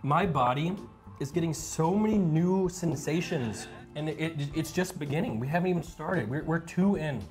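A man's voice: on the high side, moderate pace, a little mellow, soft background music. An American man in his thirties chatting casually on a dinner date, whiny and nervous but joking. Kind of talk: casual chat.

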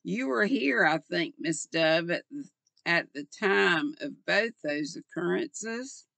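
An older woman voicing a male police inspector who questions quietly and pleasantly, read slowly with a gravelly tone. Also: on the low side, lively intonation, dry recording, full character voice. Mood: probing.

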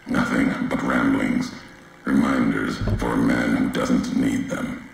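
An actor playing a grim, weary wasteland courier in a video game, speaking in a raspy, deep voice with slow, clipped, terse sentences. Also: male voice, fairly even intonation, heavy reverb, slight background noise, heavily acted.

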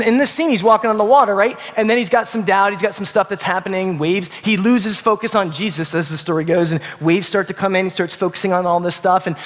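A man preaching a sermon in a casual, conversational way, swinging between loud bursts and quiet, hushed passages. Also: high voice, in a large hall. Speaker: pastor. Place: church sanctuary.

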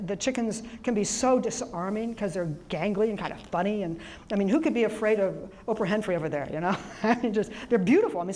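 A middle-aged woman giving a presentation to an audience, telling anecdotes in an animated, chatty way with frequent restarts. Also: medium pitch. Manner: chatty, animated storyteller with many restarts and laughs. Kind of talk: conference presentation storytelling.

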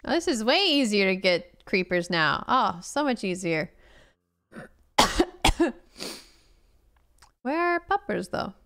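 A woman's voice: mid-range voice, sing-song, takes it slowly, long pauses, a bit bright, smooth. A young woman in casual gameplay commentary, chatting playfully with her viewers as she plays. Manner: chatty, playful, talks to chat while playing. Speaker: streamer.

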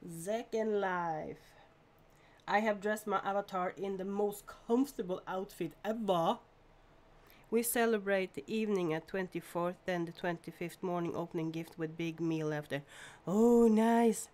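A woman's voice: medium pitch, measured pace, darkish tone. A woman from Norway hosting a casual live stream, chatting and greeting viewers by name with frequent laughs.

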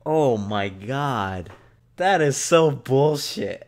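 A young man giving excited, loud gameplay commentary, yelling and laughing as he plays. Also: medium pitch, very slow. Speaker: gamer and video host.

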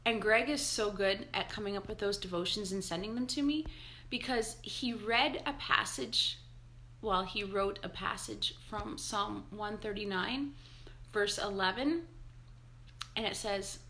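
A woman's voice: medium pitch, measured pace, bright, forceful tone. A woman pastor leading a live-streamed morning devotional, chatty and upbeat as she greets viewers by name.

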